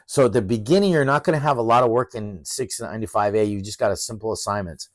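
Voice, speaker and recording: A man's voice: on the low side, quick pace, dry recording, studio quality. A middle-aged man, a professor, introducing his course in a direct, emphatic, fired-up coaching manner.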